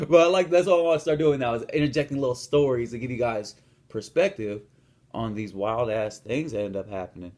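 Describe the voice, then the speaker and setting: Young male coach, brash and profane, telling gym stories in a relaxed vlog. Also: mid-range voice, fairly quick. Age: young adult. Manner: blunt, profane, swaggering. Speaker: fitness and lifestyle coach. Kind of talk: casual vlog rant with storytelling.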